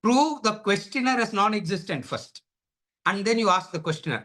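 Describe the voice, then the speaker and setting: A man's voice: high-pitched, big pitch swings, sharp tone. A man giving a spiritual lecture, asking rhetorical questions, laughing often and drawing out chanted words. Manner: drawn-out chanting of Sanskrit words. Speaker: Vedanta teacher.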